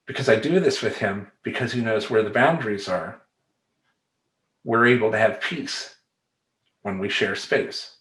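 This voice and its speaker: A man's voice: lowish voice, a little slow, long pauses, fairly bright tone. A middle-aged man coaching in a casual, emphatic vlog monologue full of streetwise slang. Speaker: life coach. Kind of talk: talking-head vlog monologue. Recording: roomy echoey room.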